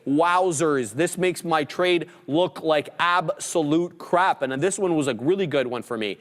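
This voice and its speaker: A man's voice: a little high, measured pace. Hyped male trading host, reverby sound. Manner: hyped, excitable, auctioneer-like calls. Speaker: stream host and trader. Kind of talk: live trading commentary.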